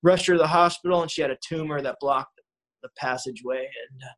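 A man's voice: fairly high pitch, fast, a bit bright, poor audio. A man in his forties speaking at a recovery meeting, telling a personal story in a rambling, conversational way with many restarts. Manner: rambling, conversational, frequent restarts and "you know".

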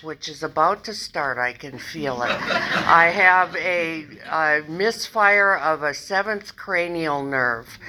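A woman's voice: deep voice, background noise. A woman in her seventies from northern Minnesota, speaking at a recovery meeting in a chatty, self-deprecating way and laughing often. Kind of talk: personal recovery talk.

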